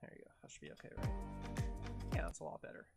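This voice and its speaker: Loud music nearly competes with a quick-talking Canadian man who edits video on a livestream while chatting casually. His talk rambles, is peppered with "like," and drifts into talking to himself as he works.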